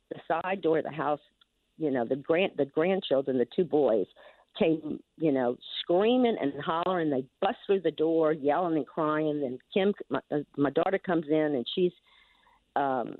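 Over a tinny telephone line with no echo, an older woman who serves as a neighborhood security district official calls a radio show. She speaks in a low voice, rambling through a long story with many restarts, asides, and plenty of "you know."

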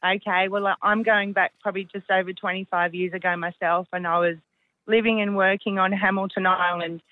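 A woman calling in to a radio show, telling a lively anecdote over the phone. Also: medium pitch, brisk. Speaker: caller. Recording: tinny phone line.

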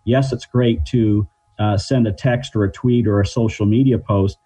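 A middle-aged man, a crisis negotiation trainer, giving measured interview answers and explaining his points with everyday examples. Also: on the low side, steady tone, dark tone, husky. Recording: dull lo-fi line.

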